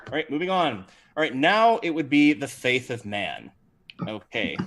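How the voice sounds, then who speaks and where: A man running a tabletop game livestream as game master, narrating in an animated, chatty way. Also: mid-range voice, normal speed.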